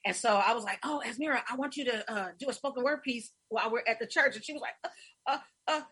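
Middle-aged woman host, husky bright voice, effusive storyteller, casual chat. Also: a little high, quick pace.

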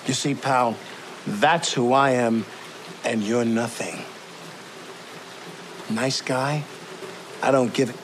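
A man's voice: medium pitch, fairly bright tone, slight background noise. An actor playing a ruthless, domineering sales boss, berating his salesmen in a harsh, swaggering film scene. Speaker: film character. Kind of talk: film drama acting.

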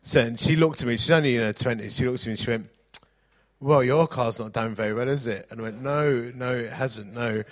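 A man's voice: medium pitch, a little fast. A middle-aged man preaching a sermon, mixing jokey anecdotes with scripture reading.

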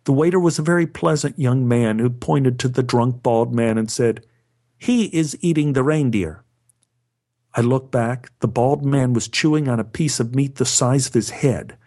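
Wry male storyteller, mid-pitched voice. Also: steady tone, normal speed, hardly any pauses, darkish tone. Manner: wry, dry humor. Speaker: storyteller, actor. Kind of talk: scripted narration of a personal story.

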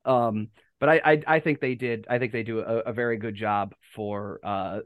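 A man's voice: mid-range voice, clear, resonant tone, no echo, narrow, tinny audio. A man from the United States hosting a casual fan podcast, rambling and correcting himself with lots of fillers. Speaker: podcast host.

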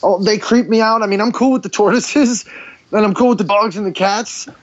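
Animated high-voiced man telling a story. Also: brisk, dull audio. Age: 40s. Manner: animated, heavy use of "dude" and "like". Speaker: guest. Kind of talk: casual storytelling.

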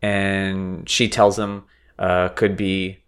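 A man's voice: deep voice, little pitch movement, extremely slow, fairly bright tone, clean tone. A man co-hosting a podcast, recapping a film bluntly, swearing freely and correcting himself. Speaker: podcast co-host. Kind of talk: casual movie discussion.

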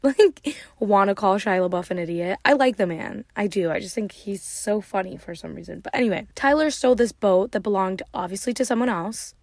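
A woman's voice: medium pitch, darkish tone, dry recording. A woman giving a casual, rambling movie recap, giggling often and filling her speech with "like". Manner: rambling, giggly, heavy use of "like". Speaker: vlogger.

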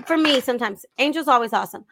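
A woman guest on a podcast in casual chat, playful and quick to break into song. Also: high voice, fairly bright tone, slight background noise. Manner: playful, bursts into improvised song.

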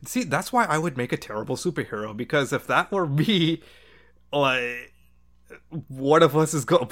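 A man's voice: on the high side, animated, normal speed, fairly bright tone. A man chatting as a guest on a comics podcast, jokey and rambling, laughing often. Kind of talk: casual chat.

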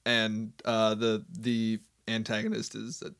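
A man's voice: lowish voice, completely flat delivery, measured pace, fairly bright tone. A man co-hosting a podcast in casual chat, rambling and jokey with frequent laughs. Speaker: podcast co-host.

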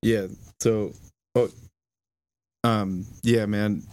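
A young man telling a personal story on a podcast in a halting, casual way, with lots of fillers and some swearing. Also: on the low side, steady tone, darkish tone, smooth, no room sound, clean studio sound. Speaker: podcast guest.

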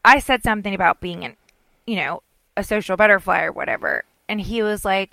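Woman, middle-aged, chatty, rambling storyteller, bright forceful tone, dry close sound. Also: medium pitch, brisk, vocal fry, dry recording. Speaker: podcast co-host. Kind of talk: casual chat.

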